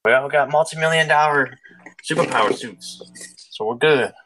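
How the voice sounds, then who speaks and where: A man's voice: on the high side, moderate pace, bright, forceful tone, a little hiss or hum. A man improvising a comedy scene, teasing his partner and laughing often. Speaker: improv player.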